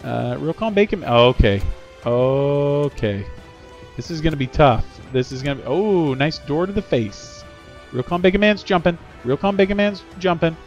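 A middle-aged man livestreams a game, chatting upbeat with the audience and rooting for players in casual commentary. His voice is a little high with lively intonation and normal speed. The recording is slightly dull and lo-fi, with game music faintly audible.

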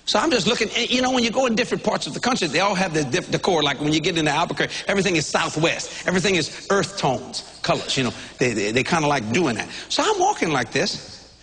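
A man preaching a sermon, telling a comic story in a folksy, animated way, often shouting and laughing. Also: on the high side, quick pace. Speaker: pastor.

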